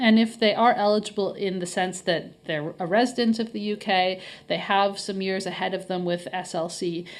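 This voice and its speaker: A woman's voice: mid-range voice, fairly even intonation, moderate pace, few pauses. A middle-aged Canadian woman, a guest on a podcast interview, explaining things in a friendly way with many fillers. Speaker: head of marketing, interview guest.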